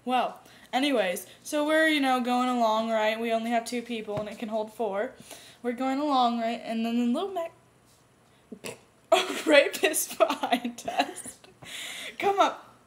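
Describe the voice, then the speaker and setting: A woman vlogger telling a rambling, animated story in casual chat with a friend. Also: fairly high pitch. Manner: rambling animated storytelling, bursts of fast talk.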